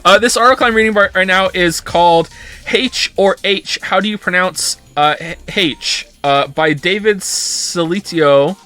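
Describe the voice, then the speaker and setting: A man's voice: sits high, normal speed, hardly any pauses, sharp tone, clear, resonant tone, soft background music. A British man streaming live, reading an article aloud and stopping to comment on it and try out the words. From Britain. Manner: reads aloud and breaks off to comment, tries out pronunciations. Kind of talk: casual livestream chat, reading an article aloud.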